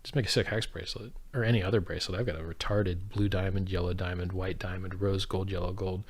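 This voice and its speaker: A man with a very low voice hosts a casual livestream and answers chat questions. He talks in a blunt, profane, offhand way. The close, dry sound comes from a studio dynamic mic fitted with a foam pop filter. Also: fairly even intonation, fast.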